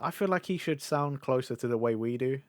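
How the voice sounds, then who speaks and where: A man's voice: medium pitch, a little fast, dry recording, studio quality. A man co-hosting a casual podcast chat, easygoing and chuckling along as he talks. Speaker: podcast co-host.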